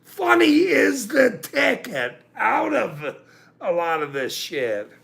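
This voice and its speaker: Gravelly, animated man ranting on a livestream. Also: high voice, takes it slowly. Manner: profane, laughing, insistent; reads and reacts to chat. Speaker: livestream host. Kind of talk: casual livestream rant.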